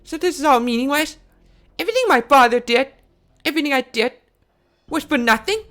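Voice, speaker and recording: A man reading a game aloud, voicing a fierce, vengeful young woman fighter who shouts and hurls insults. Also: extremely high pitch, animated, fairly quick, voice pushed up. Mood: distraught.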